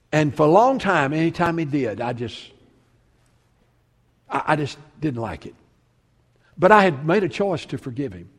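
A man's voice: a little high, gravelly. Storytelling preacher man in a reverberant hall. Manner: storytelling preacher, swings from loud emphasis to hushed. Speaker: pastor. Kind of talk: sermon. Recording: long reverb of a large hall.

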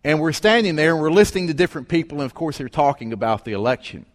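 A man's voice: a little high, very fast. Man telling a sermon story in a reverberant hall. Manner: animated storyteller, acting out quoted voices. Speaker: pastor. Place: church sanctuary. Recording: long reverb of a large hall.

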